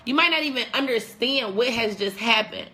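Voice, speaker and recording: Young woman vlog host, blunt and profane, bright forward voice. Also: on the high side, moderate pace. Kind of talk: casual advice vlog.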